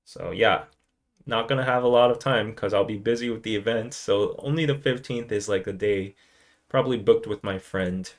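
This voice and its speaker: Man hosting a relaxed live podcast. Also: fairly low pitch, moderate pace. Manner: loose and rambling, jumping into playful impressions. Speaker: podcast host. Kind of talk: casual live-stream chat.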